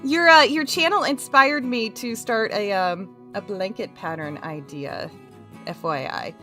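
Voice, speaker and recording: A woman's voice: mid-range voice, unhurried, sharp tone, soft background music. A woman hosting a casual crochet live stream, bubbly and giggly, greeting her chat one by one.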